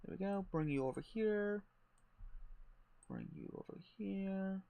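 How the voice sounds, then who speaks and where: A man's voice: high-pitched, wildly swooping pitch, a little slow, gravelly, dark tone. A man hosting a group stream, easygoing, talking through what he scrolls and shares on screen. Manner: easygoing, narrates his scrolling aloud. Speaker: stream host sharing screen. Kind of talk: casual chat on a group stream.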